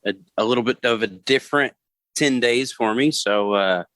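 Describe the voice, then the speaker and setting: A man in his thirties co-hosting a podcast, talking casually and haltingly with lots of fillers. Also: medium pitch, fairly bright tone, no echo. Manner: halting, with many ums and uhs. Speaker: podcast co-host. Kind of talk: casual chat.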